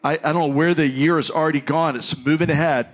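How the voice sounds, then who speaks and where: A man preaching a sermon as a pastor, giving announcements and teaching in an energetic, conversational way with jokey asides. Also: a little high, quick pace. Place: church sanctuary with congregation.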